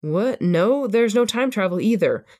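A woman's voice: medium pitch, lively intonation, unhurried, a little mellow, voice pushed up, close to an everyday voice. Exasperated young roommate, read by a woman. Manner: plainly read, explaining.

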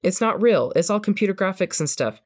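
A woman's voice: mid-range voice, expressive, a little fast, voice pushed up, close to an everyday voice. Exasperated young roommate, read by a woman. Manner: plainly read, explaining.

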